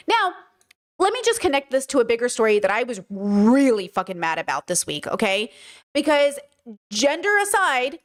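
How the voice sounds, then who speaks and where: A woman hosting a podcast, giving blunt, profane and heated commentary on video clips. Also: a little high. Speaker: podcast host reacting to clips. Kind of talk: casual commentary.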